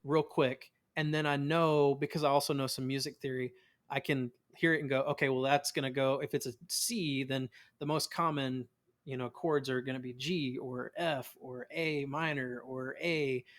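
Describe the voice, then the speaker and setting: A man in his thirties, a voice actor being interviewed, telling stories in a lively way, acting out quotes and often restarting his words. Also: mid-range voice, moderate pace. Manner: animated storyteller, acts out quotes of family; many restarts and repeated words. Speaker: voice actor guest. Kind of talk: casual interview chat.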